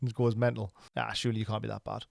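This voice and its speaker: Gravelly man, easygoing podcast chat. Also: fairly low pitch, little pitch movement, rapid-fire, no room sound, clean studio sound. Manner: easygoing, chuckles a lot, ends points with tag questions. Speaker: podcast co-host. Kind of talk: casual football chat.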